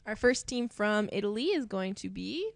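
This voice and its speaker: A woman's voice: medium pitch, animated, moderate pace, gravelly, slight background noise. A young woman presenting a sports group draw in a casual, chatty way, laughing often between team names. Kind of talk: casual live announcing.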